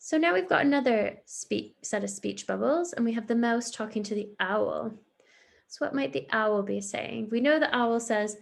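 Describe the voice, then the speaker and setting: A woman's voice: mid-range voice, normal speed, gravelly. A woman, a primary school teacher giving a recorded online lesson to young children, patient and encouraging as she explains step by step.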